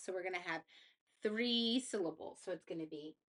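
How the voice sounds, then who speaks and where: A woman's voice: mid-range voice, expressive, a little fast, a bit bright. A woman teacher explaining a phonics lesson step by step in a patient, casual way.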